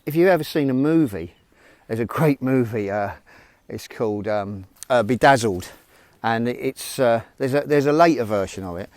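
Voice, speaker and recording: A man's voice: on the low side, no room sound. A man vlogging a casual motivational talk, rambling and informal as he speaks straight to his viewers. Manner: rambling, informal, frank, addresses viewers directly. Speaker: self-help vlogger.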